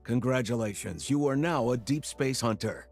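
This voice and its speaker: A man's voice: medium pitch, darkish tone, faint music behind, lightly acted. A man voicing a formal, stern male commander who hands out badges in a game. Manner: formal, measured. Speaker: ceremony official in a game.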